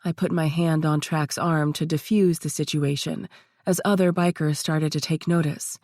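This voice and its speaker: A woman with a lowish voice reads a first-person audiobook at a steady, even pace. The recording is close and dry, with no room sound. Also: normal speed, no room sound. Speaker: audiobook narrator.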